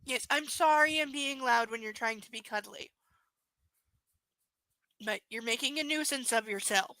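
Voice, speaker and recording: A woman's voice: on the high side, normal speed, sharp tone, no echo, rough recording. A woman chatting casually on a live stream, rambling and playful, sometimes slipping into baby talk with her pets. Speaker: streamer reading aloud.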